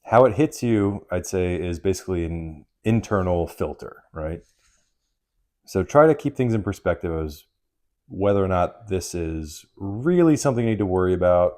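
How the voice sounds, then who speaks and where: A man in his thirties co-hosting a podcast, casual and animated, swearing freely. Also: deep voice, moderate pace. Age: 30s. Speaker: podcast co-host.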